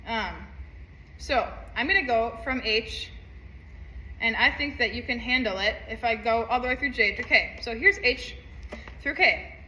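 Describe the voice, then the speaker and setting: A woman's voice: fairly high pitch, measured pace, bright, forceful tone, roomy sound, a little hiss or hum, rough recording. A woman teaching a saxophone part, upbeat, counting aloud and singing rhythms. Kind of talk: music lesson walkthrough.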